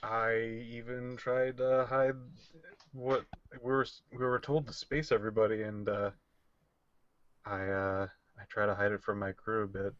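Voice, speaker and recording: A man's voice: fairly low pitch, little pitch movement, unhurried, fairly bright tone. A man playing in a tabletop role-playing game, talking casually in a hesitant, playful way. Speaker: player. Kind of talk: casual role-play chat. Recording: dry, muffled lo-fi voice chat.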